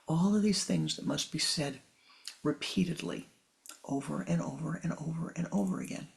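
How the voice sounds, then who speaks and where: Slow and meditative, this spiritual teacher's talk circles back on repeated phrases and sinks at times into soft whispers. The voice is medium-pitched and gravelly.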